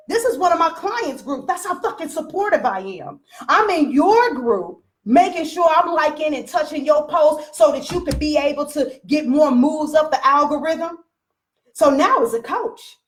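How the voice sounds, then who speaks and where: Blunt, profane woman coach, high voice. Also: expressive, a little fast. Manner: blunt, profane and preachy, talks to viewers directly. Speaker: business coach. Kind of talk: live motivational rant.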